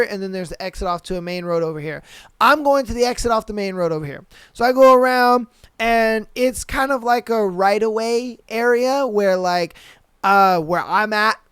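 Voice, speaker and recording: A podcast host with a clear, resonant, medium-pitched voice tells a story in casual, slangy, profane speech, animated throughout. They repeat phrases for emphasis and act out what people said, in a dry recording.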